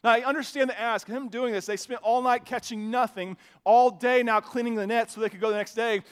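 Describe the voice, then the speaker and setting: A man with a notably high voice delivers a sermon from the pulpit. He keeps it conversational and chatty, then swells into emphatic, animated passages. He speaks into a microphone in a church. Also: a little fast, smooth. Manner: conversational preaching, builds to emphatic bursts. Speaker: pastor. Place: church sanctuary with a sound system.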